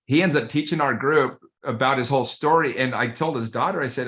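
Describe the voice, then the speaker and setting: Animated male podcast guest telling a story. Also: mid-range voice, brisk, hardly any pauses. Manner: animated, conversational, addresses the host by name. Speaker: guest, men's group coach.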